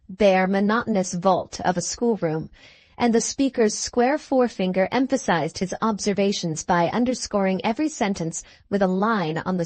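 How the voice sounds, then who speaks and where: A woman reading an audiobook in measured, even scripted narration. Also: medium pitch, no echo.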